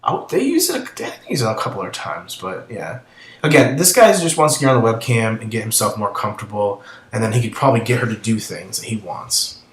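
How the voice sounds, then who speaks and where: A man's voice: on the low side, very animated, brisk, fairly bright tone, roomy sound, a little hiss or hum, rough recording. A man giving casual commentary as he reads through chat logs, blunt and swearing, often trailing off mid-thought.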